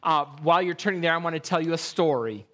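A man preaching a sermon as pastor, telling a joke with animated delivery before turning to the scripture. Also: quick pace. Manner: animated storytelling, voices jokes with rising pitch. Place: church sanctuary.

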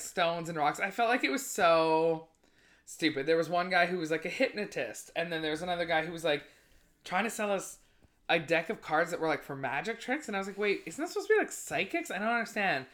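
A woman's voice: low voice, fairly bright tone. A woman comedian co-hosting a podcast in casual, giggly chat, swearing freely.

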